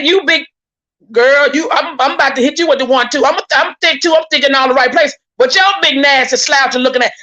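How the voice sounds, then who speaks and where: High, bright and forceful, the woman's voice comes through with lo-fi sound. As a YouTube commentator on a live stream, she gets heated, indignant and preachy, circling back to the same points, stammering in her agitation and addressing viewers directly.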